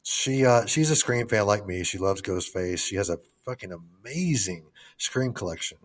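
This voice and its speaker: A man's voice: on the low side, expressive, moderate pace. A middle-aged man co-hosting a podcast, rambling casually with plenty of swearing and jokes. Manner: rambling, profane, joking. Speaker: podcast co-host.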